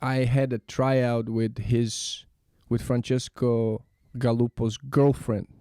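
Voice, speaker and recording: This is a man with a gravelly, mellow voice, speaking English as a second language. He talks in an animated, chatty way about his years as a dancer. The sound is close and dry, with no room echo. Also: mid-range voice, slow pace. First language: not English. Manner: animated, chatty, repeats "yeah, yeah, yeah". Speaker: ballroom dancer. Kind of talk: casual podcast conversation.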